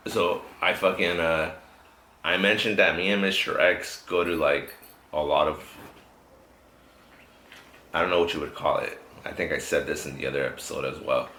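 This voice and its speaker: A man's voice: very deep voice, steady tone, moderate pace, pauses often, bright, forceful tone. A man hosting a podcast, telling a rambling story with lots of swearing in casual chat. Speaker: podcast host. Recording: echoey room, faint noise.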